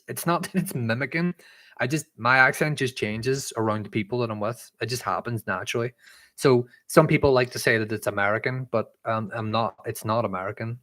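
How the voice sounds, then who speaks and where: A man's voice: medium pitch, fairly bright tone. Young irish guy doing a live q&a, rambly, lots of ums and likes, mixed accent from moving around. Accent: mixed Irish, shifted by living abroad. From Northern Ireland. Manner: chatty and rambling, many "um" and "like" fillers, reads chat messages aloud. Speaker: livestream host answering viewer questions. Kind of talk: casual live-stream Q&A.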